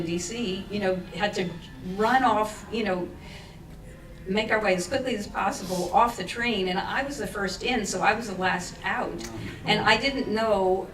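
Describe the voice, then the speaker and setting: A woman from India tells a story in a loose, chatty way, laughing as she goes and dotting her talk with fillers. She sits some way from the mic in a reverberant room. A steady hum runs under her voice. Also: medium pitch. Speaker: storyteller at a gathering of friends. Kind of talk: casual anecdote telling. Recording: echoey room, recorded from a distance.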